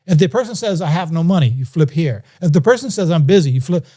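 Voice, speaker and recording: Appearing as a guest on a podcast, a man with a voice on the high side tells a casual story at a quick pace, with a breathy edge. He's animated and performs the quoted voices of the story's characters.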